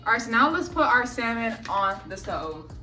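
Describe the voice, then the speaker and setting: A young woman vlogs while cooking in her home kitchen, narrating each step in a chatty, profane, jokey way. Her fairly high voice is sing-song, pushed and bright at normal speed, picked up poorly by a phone on a charger away from the stove, with soft background music.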